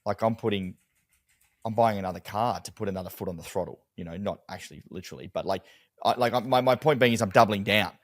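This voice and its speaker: A man tells stories in a very low voice that is lively and peppered with swearing. The sound is dry and close, with no room echo. His talk is casual, quick to run into tangents. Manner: animated storytelling, heavy swearing. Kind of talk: casual chat.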